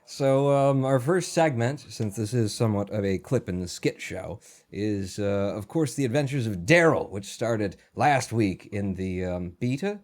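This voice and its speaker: Giggly, animated male co-host. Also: on the low side, measured pace. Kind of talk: casual chat.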